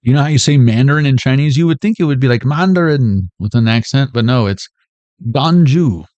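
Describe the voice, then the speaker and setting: A man's voice: medium pitch, quick pace, darkish tone, no echo, lo-fi sound. A man hosting a casual tarot reading vlog, full of playful jokes and asides. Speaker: tarot reader.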